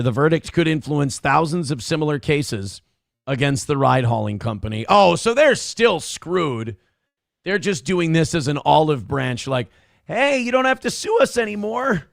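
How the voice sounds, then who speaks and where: A man's voice: on the high side, creaky, dry recording, clean studio sound. A man co-hosting a casual morning show, cracking jokes and reading viewer donations aloud. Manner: wisecracking, reads chat messages aloud.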